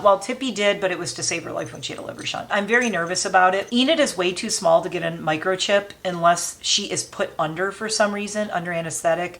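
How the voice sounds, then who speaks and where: A woman vlogging casually as she packs her puppy's travel bag, talking in a chatty and openly emotional way with warm, sentimental asides. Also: on the low side, slight background noise. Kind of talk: casual chat.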